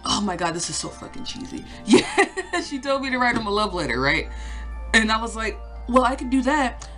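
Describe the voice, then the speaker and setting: A woman's voice: mid-range voice, big pitch swings, moderate pace, fairly bright tone. Young woman, casual storytime vlog, rambling, lots of swearing and fillers, faint music underneath. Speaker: vlogger.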